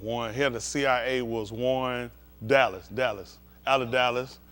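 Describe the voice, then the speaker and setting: A man's voice: mid-range voice, fairly even intonation, moderate pace, a bit bright, clean tone. A male pastor preaching bluntly and profanely, heated and confrontational, acting out scenes with volunteers from the congregation.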